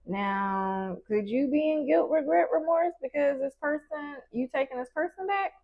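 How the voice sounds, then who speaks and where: A woman's voice: sits high, normal speed, muffled recording. A woman giving a casual tarot reading in a chatty, playful way, full of slang and asides. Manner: acts out little quoted voices in between. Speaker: tarot card reader.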